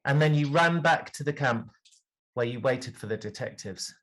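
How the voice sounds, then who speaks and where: A man's voice: mid-range voice, normal speed, fairly bright tone, a little hiss or hum. A man improvising as a detective, laying out a murder accusation in a rambling way with many fillers. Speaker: improv performer playing a detective. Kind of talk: improvised theatre narration.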